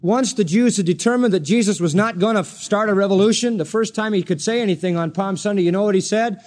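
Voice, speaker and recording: A man with a high, bright-toned voice preaches a sermon. He acts out the people he quotes, swinging his pitch up and down for drama. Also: quick pace. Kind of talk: expository sermon.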